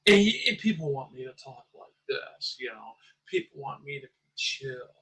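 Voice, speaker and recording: A man putting on a low, hushed, overly calm voice to mock how people want him to talk. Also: quick pace, distant mic, rough recording. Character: mellow man who talks calm and chill.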